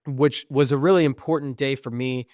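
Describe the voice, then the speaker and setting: Recorded in studio quality with no room sound, a young man speaks at medium pitch and a moderate pace. As a podcast co-host, he spins a lengthy, animated story, acting out dialogue, dropping frequent ums, and swearing out of frustration.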